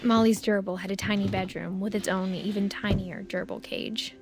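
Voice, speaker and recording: A woman voicing a reflective young narrator in a game, speaking quietly in a hushed way. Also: medium pitch, steady tone, moderate pace, close to an everyday voice. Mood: wistful. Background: game music.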